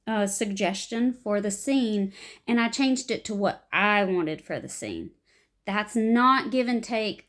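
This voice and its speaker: Young female improv teacher, animated, slightly high voice, beginner lesson. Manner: animated, acts out short example lines.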